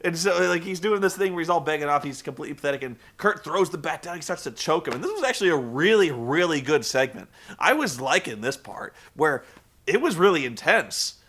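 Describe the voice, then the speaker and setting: Bright-voiced, profane wrestling recapper. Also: male voice, on the high side, big pitch swings, fairly quick. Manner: profane, rambling, with frequent restarts. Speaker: wrestling show reviewer. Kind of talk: casual recap commentary.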